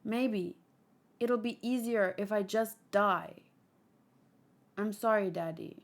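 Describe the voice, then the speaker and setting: A woman voicing a frightened young girl in despair, speaking softly and quietly while reading a comic aloud. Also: medium pitch, slow pace. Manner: soft, quiet, broken.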